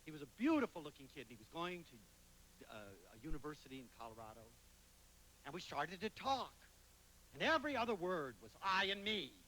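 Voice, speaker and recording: A man giving a motivational lecture, telling anecdotes dramatically with sudden swings between loud and soft. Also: on the high side, sing-song, a little fast, a little hiss or hum, rough recording. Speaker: motivational speaker.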